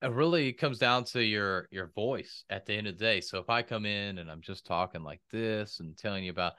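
A man's voice: fairly low pitch, brisk, sharp tone, clean tone. A man talking casually in a podcast conversation about speaking and business, and he acts out quoted voices.

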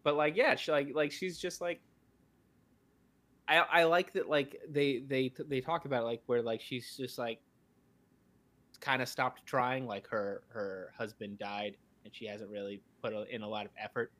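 A man's voice: medium pitch, flat delivery, measured pace, fairly bright tone. A man co-hosting a podcast in casual chat, rambling with many restarts and fillers. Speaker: podcast co-host.

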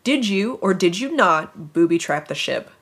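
Fierce small male pirate read by a woman, demanding, lower voice, storybook. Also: animated, moderate pace, fairly bright tone. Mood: seething. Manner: seething, demanding.

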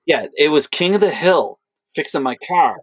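A man's voice: on the high side, lively intonation, normal speed, husky, no echo. A man casually telling a rambling, profane story in conversation. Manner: rambling anecdotes with profanity and quoted voices. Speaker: podcast co-host.

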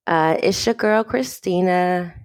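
A woman's voice: on the low side, slow pace. A woman co-hosting a faith podcast in casual chat, laid-back and plain as she reads out details. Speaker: podcast co-host.

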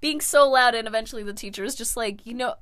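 A young woman co-hosting a podcast, telling a story in casual chat, animated and laughing as she acts out what people said. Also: a little high, fast, no room sound, studio quality. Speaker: podcast co-host.

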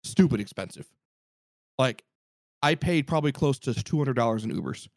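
Guy telling a wild story on a podcast, swears a lot, pitch all over the place, dead dry room. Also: moderate pace, creaky, no echo. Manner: animated, profane, acts out quotes.

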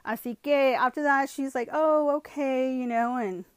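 This high-pitched woman speaks at a moderate pace with a clean tone, recorded dry. A vlogger telling a personal story in a casual video, she mixes English and Spanish and uses lots of "you know" and "like" fillers.

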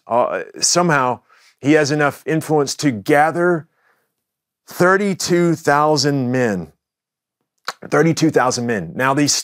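A man's voice: medium pitch, no room sound, clean studio sound. Man preaching a conversational sermon. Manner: conversational preaching with frequent restarts and "right?" asides. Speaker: pastor.

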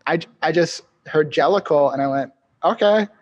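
A man's voice: a little high, steady tone, fairly quick, slightly rough, highs cut off. A young man in casual chat making dry, wry remarks.

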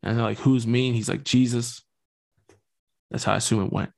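A man's voice: fairly low pitch, fairly even intonation, racing, gravelly. Slangy young man riffing on scripture. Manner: slangy, joking, loose with fillers. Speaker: podcast host. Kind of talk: casual scripture talk.

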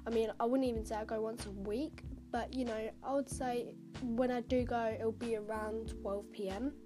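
A woman's voice: fairly high pitch, fairly even intonation, normal speed, music in the background. A teenage girl from the United Kingdom, rambling casually as a podcast host while she takes an online quiz. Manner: chatty and rambling, many fillers and asides.

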